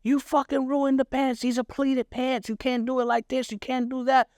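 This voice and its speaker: A man's voice: very high voice, flat delivery, normal speed, dry recording, studio quality, pitched above the performer's own voice. A man voicing his strict father, who curses and scolds his young son in a raised voice. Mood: furious. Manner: shouting, cursing, scolding.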